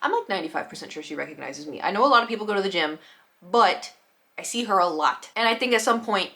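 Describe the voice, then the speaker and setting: A young woman telling a storytime vlog, animated, acting out other people's lines in quick quoted voices. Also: mid-range voice. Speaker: vlogger. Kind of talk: casual storytime.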